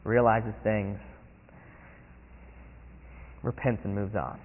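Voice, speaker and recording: A man preaching a sermon, retelling a Bible story in animated storytelling style and acting out the characters' lines. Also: lowish voice, slow, slight background noise. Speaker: pastor. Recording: tinny phone-like sound in a long-reverb hall.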